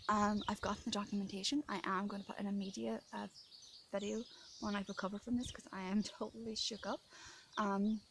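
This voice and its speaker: Her mid-range voice is flat and fairly quick, with vocal fry, a fairly bright tone, and a little hiss or hum on the recording. She's an Irish woman vlogging outdoors in rural France amid birdsong, upset and indignant, rambling as she vents to camera and occasionally lowering to a whisper.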